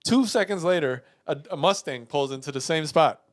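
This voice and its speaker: A man co-hosting a podcast, telling a story in casual chat, profane and animated, swinging between loud outbursts and muttering. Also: a little high, brisk, no room sound, clean studio sound. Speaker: podcast co-host.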